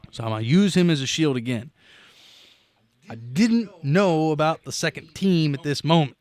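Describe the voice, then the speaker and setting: Animated, profane man telling stories. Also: a little high, normal speed. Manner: animated storytelling with sound effects and profanity. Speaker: podcast co-host. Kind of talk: casual chat.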